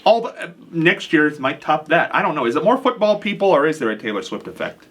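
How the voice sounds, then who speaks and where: A man's voice: a little high, very animated, fast, fairly bright tone. A man hosting and moderating a casual radio talk show, teasing and insistent with his co-hosts.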